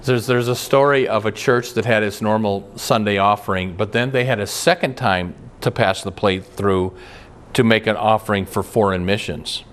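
Guy pastor giving a sermon, lowish voice, folksy, kinda rambly with jokes. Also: steady tone, normal speed, fairly bright tone. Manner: folksy, tells jokes and stories, frequent restarts.

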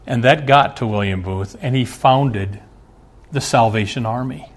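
A man's voice: medium pitch, unhurried. A middle-aged male pastor preaching a sermon, earnest, asking the congregation rhetorical questions.

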